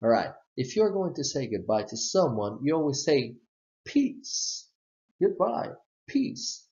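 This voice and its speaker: A man with a Southern US accent teaching English pronunciation, modeling words slowly and repeating them. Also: mid-range voice, sing-song, warm tone. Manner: slow, modeling words with exaggerated repetition. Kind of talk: slide-based pronunciation lesson. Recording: dull lo-fi recording.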